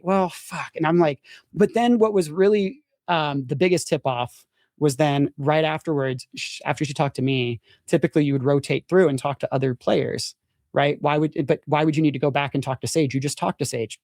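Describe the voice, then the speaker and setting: A man's voice: no echo, studio quality. A young adult man, a podcast guest, telling a story casually, acting out quotes and filling his talk with "like". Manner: animated storyteller, acts out quotes with big pitch jumps, frequent "like". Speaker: podcast guest, former reality show contestant.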